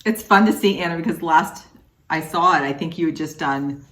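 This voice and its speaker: Sex: woman. Pitch: very low. Role: teacher and crafting vlog co-host. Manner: enthusiastic storyteller with many fillers like "like". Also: normal speed, a bit bright. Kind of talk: casual chat between sisters.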